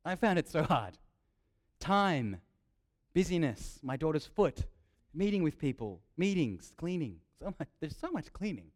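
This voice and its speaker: Young aussie guy preaching, high voice, jokey asides, repeats himself. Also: big pitch swings, a little slow. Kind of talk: sermon.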